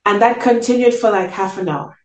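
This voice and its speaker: A woman's voice: medium pitch, fairly quick, a little mellow. A woman sharing a personal faith testimony as a podcast guest, telling it earnestly and acting out the quoted dialogue. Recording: roomy echo.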